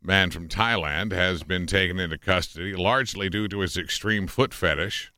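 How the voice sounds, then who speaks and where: A man co-hosting a talk radio show, his voice bright and clean. He reads odd news items with a wry, deadpan touch. The sound is dry and close. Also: sits low, normal speed, no echo. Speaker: radio show host reading news stories. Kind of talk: casual radio banter.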